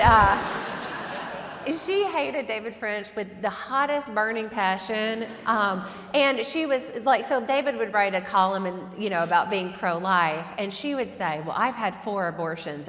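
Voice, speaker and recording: A woman's voice: mid-range voice, a bit bright. Chatty woman storyteller in echoey hall. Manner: chatty, self-deprecating, laughs often. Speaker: guest lecturer and author. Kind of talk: conversational storytelling lecture.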